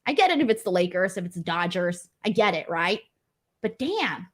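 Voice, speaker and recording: A woman's voice: lowish voice, sing-song, moderate pace. A young woman hosting a casual livestream, reading viewer comments and telling funny stories in a chatty, self-mocking way. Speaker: wrestling show host reading super chats.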